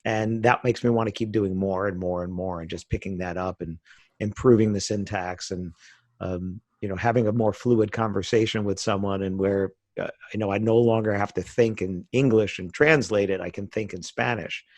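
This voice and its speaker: A man's voice: lowish voice, fairly even intonation, normal speed, a little mellow, dry recording. A middle-aged American man from the United States, a podcast guest chatting casually and telling stories with frequent laughs. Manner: chatty storyteller, laughs often.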